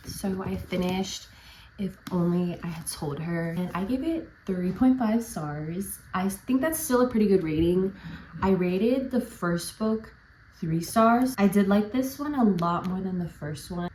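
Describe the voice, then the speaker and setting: A woman's voice: on the low side, lively intonation, measured pace, darkish tone, a little hiss or hum, rough recording. A young woman chatting casually in a home book vlog, gushing about books and dropping to a near-whisper at sad parts. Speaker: book vlogger. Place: at home, bedroom.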